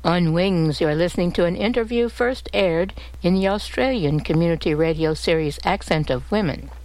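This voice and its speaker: A woman presenting a radio program, reading scripted links in a clear, measured way. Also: fairly low pitch, darkish tone, no echo, poor audio.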